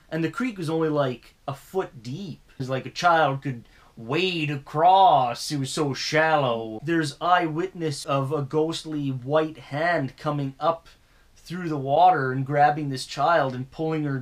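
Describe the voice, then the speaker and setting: A man hosting a casual horror movie chat in an easygoing way. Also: on the high side. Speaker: podcast host.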